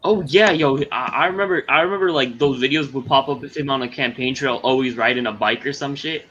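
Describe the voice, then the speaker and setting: A man's voice: mid-range voice, quick pace, fairly bright tone, highs cut off, a little hiss or hum. A young man chatting casually with friends, easygoing and drawling. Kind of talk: casual chat.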